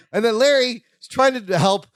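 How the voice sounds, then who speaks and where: Man, podcast co-host, casual recap, laughs often, quotes characters, high voice, dry sound. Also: animated, unhurried, smooth, no room sound. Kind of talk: casual chat recapping a sitcom episode.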